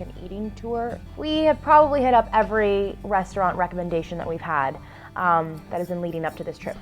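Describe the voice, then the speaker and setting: A woman in a travel vlog, bubbly and upbeat. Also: mid-range voice. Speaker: celebrity vlogger.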